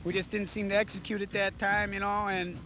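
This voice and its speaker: A man coaching high school football, giving an emotional, frustrated postgame interview on the field. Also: little pitch movement, a little fast, sharp tone, a little hiss or hum, poor audio.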